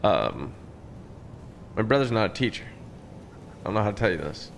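A man live-streaming a game, chatting casually and reading out viewer shout-outs in quick upbeat bursts, with a sore throat. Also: lowish voice, big pitch swings, creaky, slight background noise.

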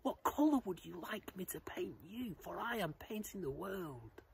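A man voicing a timid tiny male butterfly in a children's story, with a high, soft, pleading voice. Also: very animated, normal speed, creaky, slight background noise, heavily acted. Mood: gentle.

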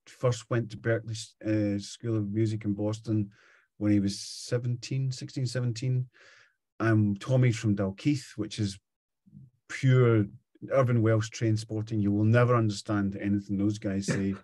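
A middle-aged man with a Scottish accent tells stories in a relaxed, animated way. His voice sits low and the sound is close and dry, with no room around it. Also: no echo. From Scotland. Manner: chatty, animated storytelling. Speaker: musician guest. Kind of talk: casual interview chat.

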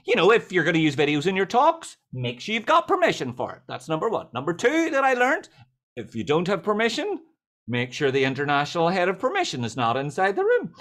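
A man giving a motivational talk on a video call, telling stories with lively jokes. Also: sits high, a little fast. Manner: lively, joking storyteller. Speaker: speaker.

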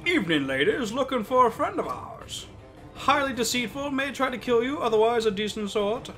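A player voicing a posh, dashing gentleman adventurer with a grand, formal delivery. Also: medium pitch, sing-song, normal speed, faint music behind. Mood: suave.

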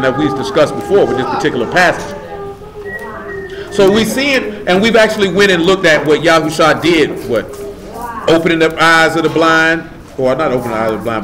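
A man preaching a live sermon, emphatic and casual, asking the room rhetorical questions. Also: fairly high pitch. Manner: casual street slang.

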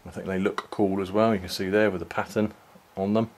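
A man casually walking through a toy set, unhurried, with many ums and restarts. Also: low-pitched, level tone, slight background noise. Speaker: toy reviewer. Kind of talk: casual product walkthrough.

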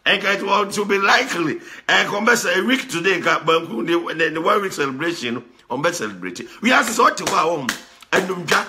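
Animated Ghanaian man, bright high voice. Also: creaky, a little hiss or hum. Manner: animated, repetitive, mixing Pidgin and Twi. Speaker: commentator. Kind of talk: casual spoken commentary.

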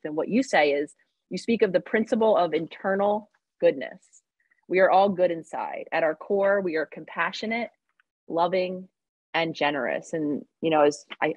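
A woman hosts a podcast interview with a low, husky voice. She speaks earnestly and reflectively. The recording is dry and a little dull. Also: no room sound. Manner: earnest, reflective, laughs along. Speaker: podcast host. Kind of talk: interview hosting.

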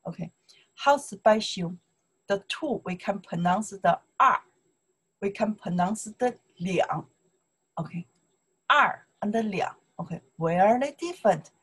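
Slow husky woman teacher. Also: mid-range voice. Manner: slow, repeats "okay?" often, broken English. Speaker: Chinese language teacher. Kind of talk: explaining grammar to learners.

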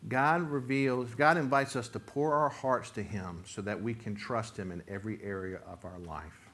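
A middle-aged man, a pastor, preaching a sermon with animated delivery and sudden loud bursts. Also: fairly low pitch, slight background noise. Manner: animated preaching, rising loud for quoted voices.

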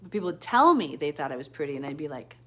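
Casual woman host, lowish voice, chatty and rambling, talks straight to viewers. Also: fast talker. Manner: animated storytelling with sudden pitch jumps. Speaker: Bible teacher hosting a live stream. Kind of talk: casual live-stream chat.

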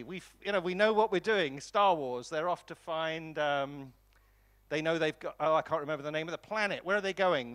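A man gives an animated master class lecture on storytelling to film students. His voice sits fairly high and jumps upward when he gets excited. He often stumbles over restarts and repeated words as his thoughts race ahead.

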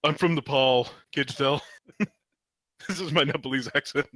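Comic read: man voicing a giggly forum poster in a fake accent, higher and sharp, dry podcast sound. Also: moderate pace, no echo. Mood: goofy. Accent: put-on exaggerated accent. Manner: giggly, playful. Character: goofy man posting as a Lickpa. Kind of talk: comedy reading of a forum post.

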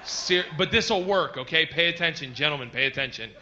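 A man doing a stand-up comedy bit, telling the story loudly and with animation, sometimes putting on a cop's voice. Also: a little high, brisk. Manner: loud, animated storytelling with mock cop voices. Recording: dull lo-fi clip with faint noise.

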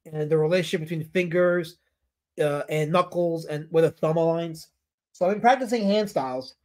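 A man hosting a casual livestream about comic artists, rambling, answering his chat and putting on playful mock outrage. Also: on the high side.

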